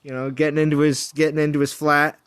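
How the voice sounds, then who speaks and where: A man's voice: a little high, flat delivery, quick pace, fairly bright tone, clear, resonant tone. A man streaming a mobile game, chatting in a rambling, jokey way with friends and viewers. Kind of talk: casual live-stream chat.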